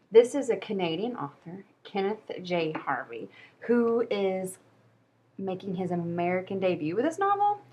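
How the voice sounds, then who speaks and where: A woman hosting a casual book review video, chatty and rambling, poking fun at herself. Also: on the low side. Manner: chatty, rambling, self-deprecating. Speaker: book vlogger.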